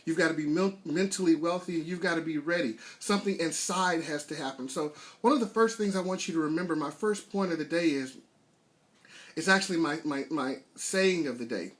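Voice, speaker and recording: A man's voice: fairly high pitch, a little fast, fairly bright tone. Earnest man giving a pep talk. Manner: earnest, building to emphatic peaks, repeats phrases. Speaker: association chief executive hosting a motivational live stream. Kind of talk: motivational talk. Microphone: live stream webcam setup.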